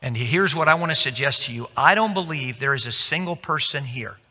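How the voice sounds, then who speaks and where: A man's voice: mid-range voice, expressive, a little fast, bright, forceful tone, big-room sound. A man preaching a sermon to a congregation, telling stories and acting out the voices of the people in them. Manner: storytelling, acting out quoted voices. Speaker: pastor.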